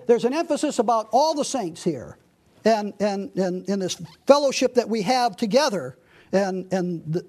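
A pastor preaching an expository sermon, earnestly reading scripture aloud with frequent restarts. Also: male voice, high voice, darkish tone.

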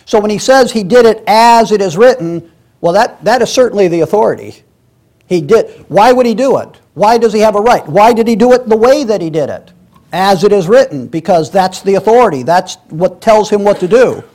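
Here a man with a high, darkish voice speaks briskly and animatedly. He's teaching a church Sunday school class, reading scripture and explaining it in a conversational way with frequent restarts and asides.

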